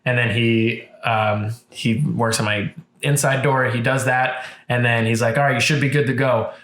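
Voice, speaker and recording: Animated man telling a story, echoey room. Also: medium pitch, normal speed, slight background noise. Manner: animated storyteller, acts out quotes, swears freely. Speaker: podcast co-host. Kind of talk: casual chat.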